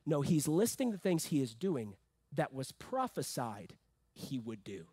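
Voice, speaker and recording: A male pastor preaching a sermon emphatically, swinging from loud peaks to hushed phrases, with joking asides. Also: mid-range voice, very animated, measured pace, husky, no room sound.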